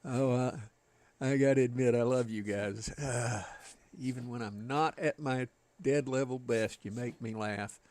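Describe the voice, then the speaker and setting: This man's Southern American accent carries a mid-range, darkish-toned voice at a measured pace. He's a game streamer from the Southern United States, rambling in a folksy way to his live chat as he plays.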